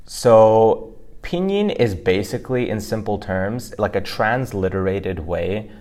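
A young man co-hosting a podcast lesson, explaining at length in a quick, chatty way with fillers. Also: fairly low pitch, animated, a little mellow. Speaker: podcast co-host teaching Mandarin.

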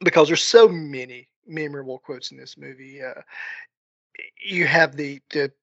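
Man, podcast host, enthusiastic, halting with fillers, fairly high voice, dry sound. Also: fairly bright tone, dry recording, lo-fi sound. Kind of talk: casual podcast chat.

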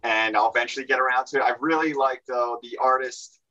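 A man's voice: medium pitch, steady tone, fairly quick, bright, forceful tone, muffled recording. A middle-aged man guesting on a podcast, rambling and hesitant with lots of fillers and dry self-deprecating jokes. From Central New Jersey. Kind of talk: casual podcast chat.

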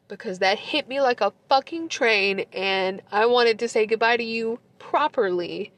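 A woman's voice: a little high, normal speed, fairly bright tone. Tearful young woman telling a breakup story. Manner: emotional, swears a lot, laughs through tears. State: close to tears. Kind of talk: casual confessional storytime.

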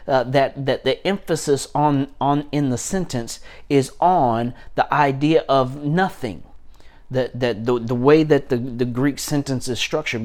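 A man, a pastor, preaching a sermon with emphatic repetition and frequent restarts. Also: fairly high pitch.

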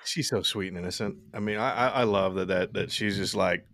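A man's voice: fairly quick, fairly bright tone, no echo, clean studio sound. A man in casual chat, joking along and riffing on his co-host's story. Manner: joking, riffs with mock high-pitched quotes.

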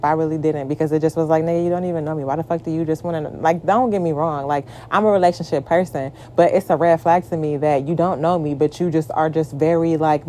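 A young woman, telling a story in a casual rant, profane and exasperated, breaking into shrill mock outbursts. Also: mellow, slight background noise.

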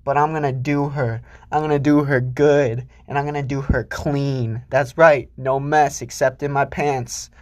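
A young man hosting a solo podcast, ranting crudely and rambling with lots of swearing, swinging between loud outbursts and low mutters. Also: level tone, unhurried, hardly any pauses. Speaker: podcast host.

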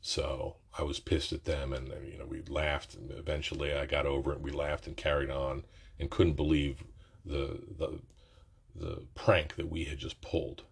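A middle-aged man telling a rambling, profane story from his youth, often correcting himself mid-sentence, with a raspy voice. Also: very deep voice, flat delivery, moderate pace. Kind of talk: casual storytelling.

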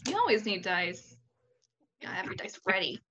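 A woman's voice: mid-range voice, very animated, moderate pace, crowd noise. A woman running a tabletop game as dungeon master in casual chat over a voice call, upbeat and laughing often.

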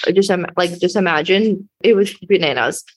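A woman's voice: fairly low pitch, normal speed, breathy edge. A young woman hosting her own podcast, talking in a bubbly, effusive, casual way with lots of "like" as a business coach.

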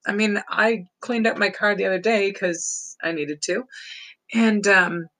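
Bright-toned woman casually telling a story. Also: medium pitch, measured pace, low-quality recording. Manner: rambling, chuckling often between phrases.

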